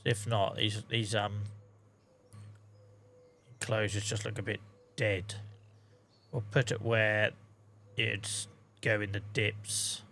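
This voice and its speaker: Norfolk guy streaming a farm game, bright tone, chatty with chat, says mate a lot. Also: lowish voice, little pitch movement, takes it slowly, long pauses, a little hiss or hum. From England. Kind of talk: casual live-stream gameplay commentary.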